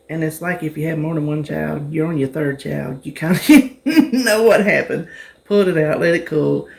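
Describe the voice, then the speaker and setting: With a low voice and vocal fry, this North Carolina woman cooks on camera. She's a chatty, homey cooking vlogger who talks viewers through every step of her casual demonstration.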